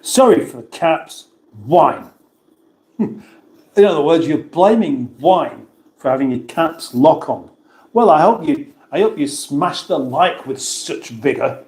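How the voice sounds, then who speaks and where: Man, from England, livestream host, chatty, self-mocking, reads comments aloud, slightly high voice, echoey room. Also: animated, slow pace, a little mellow. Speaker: livestream host reading chat. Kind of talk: casual livestream chat.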